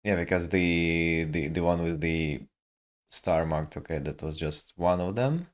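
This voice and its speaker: A man's voice: low-pitched, measured pace. A man giving casual reaction commentary, hesitant and repeating words as he thinks aloud. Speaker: video reactor. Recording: music playing behind the voice.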